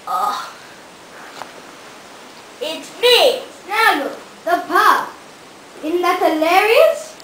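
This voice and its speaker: A woman's voice: very high voice, a bit bright, recorded from a distance, exaggerated voice. A young woman voicing a goofy, vain female seal who hosts a homemade comedy show, hammy and pleased with her own jokes. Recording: echoey room, faint hiss, off-mic.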